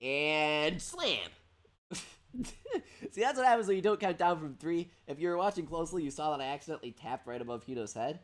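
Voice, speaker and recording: Animated man streaming a mobile game. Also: on the high side, a little fast. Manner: excitable, animated and chatty, often breaking into laughter. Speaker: streamer and host. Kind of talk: live gameplay commentary reading chat.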